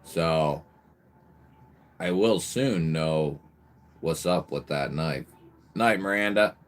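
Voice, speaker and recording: Male livestream host, low voice, slow easygoing delivery, calls out chatters by nickname, bursts of emphasis. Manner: occasional mild swearing. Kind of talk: casual live chat with viewers.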